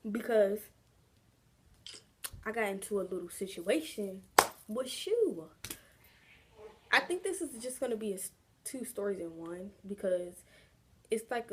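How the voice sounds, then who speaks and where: A woman's voice: medium pitch, animated, measured pace, pauses often, darkish tone, slight background noise. A young adult woman telling a casual storytime vlog, chatty and slangy, drawing the story out. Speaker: vlogger.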